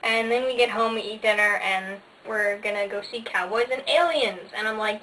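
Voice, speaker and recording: A woman's voice: mid-range voice, moderate pace, few pauses, pushed and bright. A teenage girl vlogging casually, bubbly and sarcastic, with lots of "like" fillers. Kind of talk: casual chatty vlog. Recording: faint hiss, slightly distant mic.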